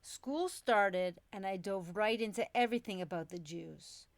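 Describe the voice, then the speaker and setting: A woman reads her own memoir aloud in a reflective, storytelling way, with a steady, middling pitch. The recording is dry and close, with no room around her voice. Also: measured pace, no room sound. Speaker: memoir narrator. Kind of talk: audiobook memoir narration.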